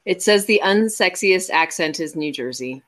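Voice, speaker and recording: A woman's voice: fairly low pitch, lively intonation, normal speed. A woman co-hosting a casual chat, reading items from an article aloud with fillers and frequent laughs.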